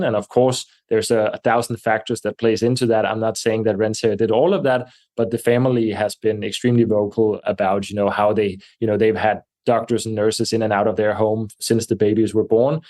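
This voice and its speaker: A man speaking as a podcast guest, measured and thoughtful, with frequent fillers and restarts. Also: on the low side, darkish tone. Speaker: guest, air purification company representative. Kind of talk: podcast interview answers. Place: New York.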